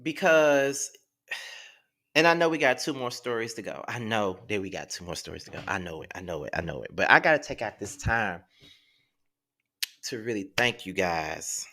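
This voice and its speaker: A man's voice: lowish voice, moderate pace, vocal fry, sharp tone. A man in his thirties hosting his own online show, talking emotionally to his viewers and close to tears, repeating himself as he thanks them. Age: 30s. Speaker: YouTube show host.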